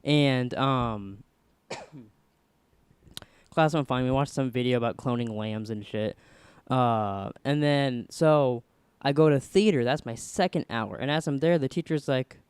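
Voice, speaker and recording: Young man telling a story, smooth voice. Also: fairly quick, dry recording. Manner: animated, voices quoted people with pitch jumps. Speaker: podcast host. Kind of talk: casual storytelling.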